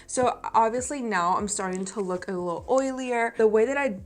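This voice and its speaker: A woman's voice: on the high side, normal speed. Chatty woman vlogger in her thirties. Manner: chatty, bubbly, talks to viewers as "you guys". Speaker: beauty vlogger. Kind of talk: casual makeup review vlog.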